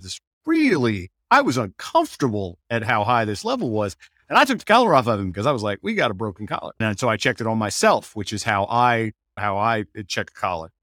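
Low-voiced man hosting a training chat. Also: no echo, clean studio sound. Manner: relaxed, tells anecdotes, asks guiding questions. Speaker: podcast host, dog trainer. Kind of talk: casual podcast discussion.

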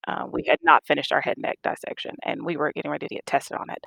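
A middle-aged woman doctor casually recounting stories in an interview, animated and laughing as she acts out dialogue. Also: deep voice, fast, vocal fry, no echo. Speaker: guest, physician.

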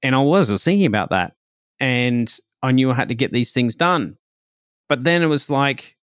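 A man hosting a podcast, telling a personal story in a relaxed, reflective way, full of "like" and "you know". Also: mid-range voice, moderate pace, clean tone, dry recording, clean studio sound. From Australia. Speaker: podcast host.

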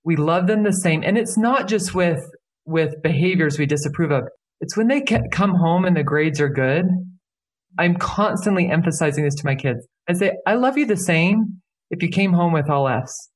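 Earnest middle-aged woman guest, animated, emphatic, conversational. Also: lowish voice, moderate pace. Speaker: podcast guest, parenting expert. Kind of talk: casual conversation.

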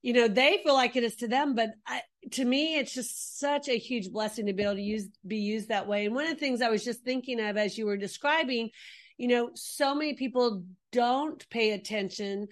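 A woman hosting an online interview, speaking in a reflective, unhurried way. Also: a little high. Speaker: host. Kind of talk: casual interview chat.

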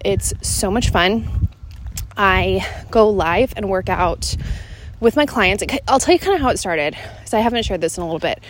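A Seattle podcast host and fitness coach records her casual solo show on an evening walk, slightly out of breath. Her mid-range voice has lively intonation at a normal speed, with slight background noise, and she rambles chattily with "like" in nearly every thought.

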